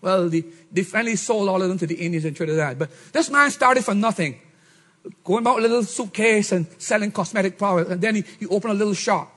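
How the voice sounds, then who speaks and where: A middle-aged man preaching a sermon, swinging from shouts to low murmurs. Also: fast. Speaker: pastor.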